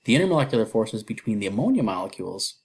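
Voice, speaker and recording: A man's voice: lowish voice, sing-song, very fast, slightly rough. A man teaching a recorded chemistry lesson in a casual, chatty way, with fillers and self-deprecating asides as he works through problems. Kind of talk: recorded lecture walkthrough.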